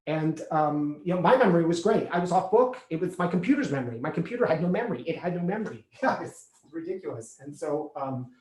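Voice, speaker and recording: An actor playing a stammering, anxious recovering drinker. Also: male voice, fairly high pitch, animated, a little mellow, lightly acted. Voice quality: halting, stammering, repeats himself. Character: anxious, rattled recovering alcoholic man. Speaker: man phoning his sponsor. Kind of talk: stage monologue acting. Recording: echoey room.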